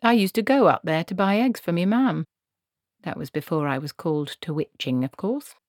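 A woman's voice: on the low side, darkish tone, dry recording, studio quality, natural voice. A woman voicing an old, bossy, blunt village witch in a storybook reading. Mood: brisk. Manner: brisk, bossy.

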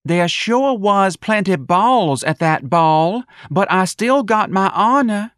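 A man voicing a naive, flustered showgirl woman with a high, slow Southern-belle drawl, in an audiobook. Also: expressive, fairly bright tone, no echo, clean studio sound, exaggerated voice. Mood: careful.

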